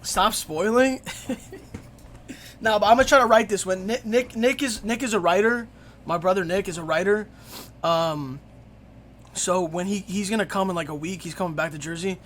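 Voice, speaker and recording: A young man live-streaming, telling a story in a rambling, profane, excitable way at his desk mic. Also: sits high, moderate pace, pauses often, slight background noise.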